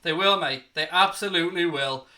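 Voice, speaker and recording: A young man hosts a football reaction show with hyped, excitable energy, a little out of breath. His voice sits high and bright, with a sharp, forceful edge as he keeps calling out to his viewers. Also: normal speed. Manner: excitable, hyped, addresses viewers as ladies and gentlemen. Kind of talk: energetic post-match reaction.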